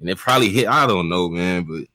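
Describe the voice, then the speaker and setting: A man's voice: low voice, fast, pushed and bright. A man co-hosting a casual podcast chat, laid-back and blunt, drawling through slang-heavy talk. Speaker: podcast co-host.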